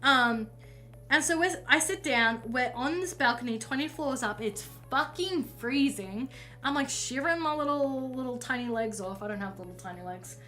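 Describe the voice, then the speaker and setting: A young woman streamer tells a story in a casual, rambling way, swearing freely and breaking off into asides. Her voice sits high and bright, with faint music playing behind her. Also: moderate pace. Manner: rambling, swears a lot, self-interrupting asides.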